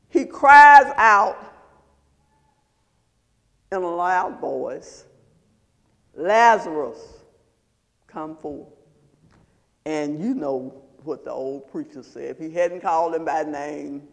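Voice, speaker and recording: A man's voice: high-pitched, vocal fry, long reverb tail. A man preaching a sermon as pastor, quizzing the congregation in call-and-response style.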